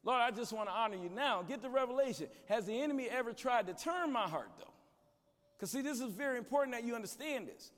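A man preaching a conference sermon in a church, calling out to the congregation, shouting at peaks and dropping low and quiet in between. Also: lively intonation, quick pace. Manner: preaching with call-and-response to the congregation. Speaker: guest preacher. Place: large church sanctuary. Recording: echoey church hall.

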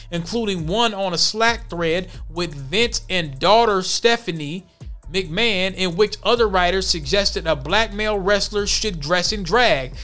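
A male podcast host with a high-pitched, fairly bright voice reads news stories aloud and comments on them bluntly, using slang.

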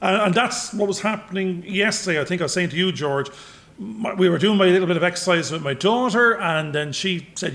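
A man in casual podcast chat, rambling and animated, breaking into sudden loud bursts as he tells stories. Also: sits high, brisk.

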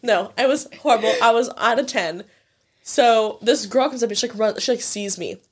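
A woman's voice: on the high side, moderate pace, slightly rough. A young woman in her twenties co-hosting a casual chat, telling stories with lots of "like" and plenty of swearing. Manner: chatty storyteller, lots of "like", swears freely.

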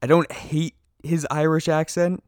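A man's voice: on the high side, steady tone, unhurried, smooth, no echo, clean studio sound. A young man co-hosting a casual movie review chat, rambling with lots of "like" and restarts. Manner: rambling, heavy use of "like", hesitant restarts. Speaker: podcast co-host.

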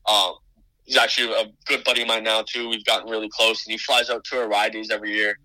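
Bright, dry-voiced man, rambling, casual podcast talk. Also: fairly low pitch, flat delivery, quick pace, no echo, low-quality recording. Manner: rambling, many restarts and fillers. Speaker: business owner guest.

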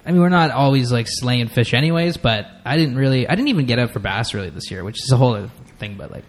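A man chatting casually as host, easygoing, reacting quickly. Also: medium pitch, animated. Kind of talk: casual chat.

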